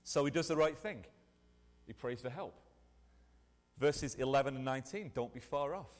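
A man preaching a sermon in a lively, conversational way, often restarting his phrases. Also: medium pitch, moderate pace, pauses often. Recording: long hall reverb.

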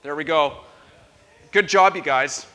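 A young man pastor with a high, bright voice, preaching in a relaxed, playful way that teases his listeners. His words ring out with the long reverb of a church hall. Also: a little slow. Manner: playful, chatty, teasing the congregation. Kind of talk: conversational sermon. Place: church sanctuary.

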